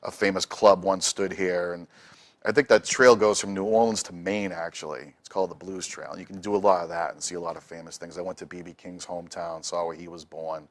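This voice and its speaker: A middle-aged man tells stories in a relaxed, chatty way. His voice sits a little low, and he slips into the voices of the people he talks about. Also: fairly quick. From Boston. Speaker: musician guest. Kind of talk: casual storytelling.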